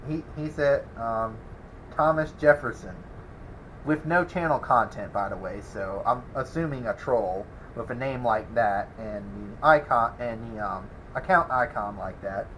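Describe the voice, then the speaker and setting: A welding channel host with a medium-pitched, fairly bright voice rambles to the camera in a casual vlog, chuckling but exasperated as he responds to a troll. There's slight background noise, and the recording quality is low.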